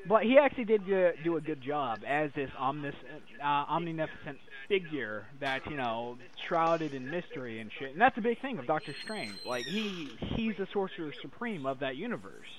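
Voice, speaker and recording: A man's voice: on the high side, very animated, normal speed, few pauses, crowd noise, poor audio. A young man hosting a podcast, chatting casually, swearing often and laughing a lot. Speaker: podcast host. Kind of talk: casual chat.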